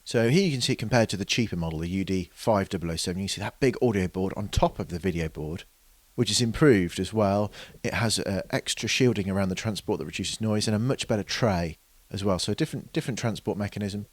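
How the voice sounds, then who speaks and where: A man's voice: lowish voice, quick pace, no echo. A man explaining product features in an unscripted demonstration, hesitant with many fillers and restarts. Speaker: product reviewer.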